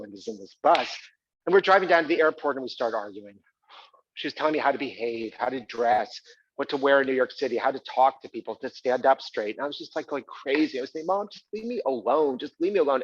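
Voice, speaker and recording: A man tells his own story in a chatty, self-mocking solo stage monologue. His voice sits mid-pitch for a man. The live theater recording sounds dull and muffled. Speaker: solo performer.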